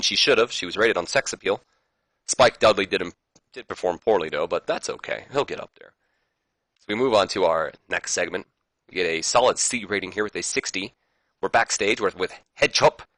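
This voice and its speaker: Brief: low-pitched man, bright tone, dry close mic, casual rambling game commentary. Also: no echo. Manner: rambling, self-amused asides. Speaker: gaming YouTuber.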